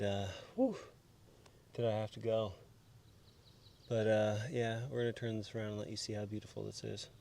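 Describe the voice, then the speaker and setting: This is a casual walking vlog from a male long-distance hiker with a lowish voice, rambling in a laid-back way with plenty of fillers. He's outdoors beside a loch, and his small body-worn mic gets knocked by his gear, adding thumping to the loud outdoor noise.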